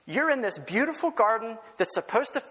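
A man's voice: very high-pitched, very animated, fairly quick, sharp tone, breathy edge, voice pushed up, full character voice. A man voicing a sly, scheming male serpent who mocks and goads in a rising, incredulous tone, heard with a long hall reverb. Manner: mocking, incredulous, goading.

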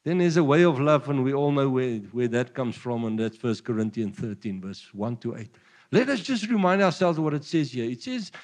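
A man with a South African Afrikaans accent preaching a sermon, jovial and quick to chuckle between points. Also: fairly high pitch, sing-song, long reverb tail. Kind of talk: sermon mixing Afrikaans and English.

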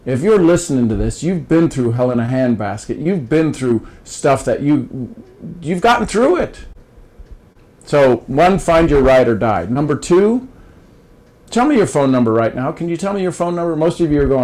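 A man's voice: a little high, big pitch swings, moderate pace, a little mellow, poor audio. Folksy older man giving advice. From Ohio. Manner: folksy, restarts and repeats words, coaching tone. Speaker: podcast guest. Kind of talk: casual advice-giving conversation.

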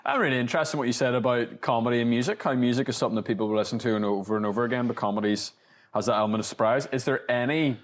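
A man from hosting a casual pub interview, encouraging and quick to laugh. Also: medium pitch. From Northern Ireland. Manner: encouraging, laughs easily, quick follow-ups. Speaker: podcast host.

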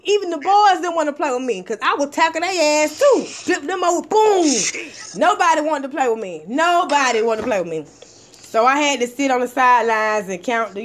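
A woman telling a rough childhood story in casual chat, swearing freely and acting out what people said. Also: high-pitched. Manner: profane, animated, acts out quotes.

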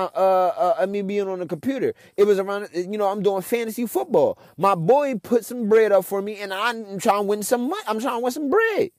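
Young Philly guy as podcast host, venting in an exasperated rant, high-pitched and dry. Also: a little mellow, dry recording. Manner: frustrated, ranting, heavy cursing. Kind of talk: casual monologue.

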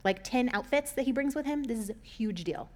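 A woman with a slightly high voice tells an old story in a relaxed, chatty way. She drops in sarcastic asides and slips into quick voices for the characters. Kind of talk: casual Bible story retelling.

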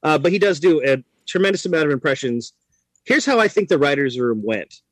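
A man co-hosting a podcast in casual chat, sardonic and jokey with deadpan asides. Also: on the high side, fairly quick, no room sound. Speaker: podcast co-host.

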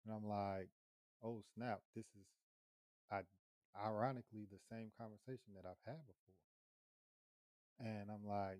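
A man casually telling a long story, lively, cursing, acting out his own lines. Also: lowish voice, moderate pace, no echo. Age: adult with children. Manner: animated, swears, acts out his own lines.

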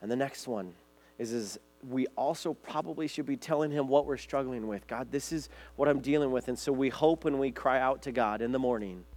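A man's voice: mid-range voice, brisk, darkish tone. A man preaching a sermon as pastor, earnest, reading scripture aloud to his congregation.

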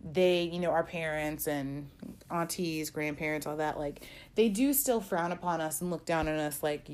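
Young woman, somewhat low voice, chatty faith podcast host, encouraging, lots of fillers. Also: normal speed, a little mellow. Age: young adult. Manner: chatty and encouraging, full of fillers, slips into playful scolding. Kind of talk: casual faith-based podcast talk.

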